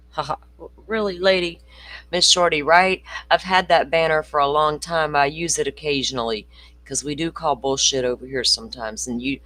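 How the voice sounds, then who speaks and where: A man's voice: medium pitch, sharp tone, no room sound. A man hosting a livestream, talking casually to his chat and making blunt, mocking asides about the clip he is showing. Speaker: livestream host. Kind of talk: casual commentary.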